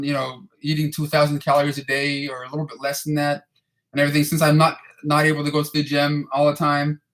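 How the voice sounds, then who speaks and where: With a mid-range, somewhat bright voice, a man in his thirties casually takes viewer questions. His talk is rambling and profane, full of repeated words and restarts.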